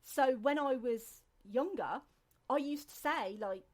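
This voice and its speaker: A woman's voice: high-pitched, measured pace. Rambling British woman podcaster. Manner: chatty, rambling with many ums and restarts. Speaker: podcast host. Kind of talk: casual chat.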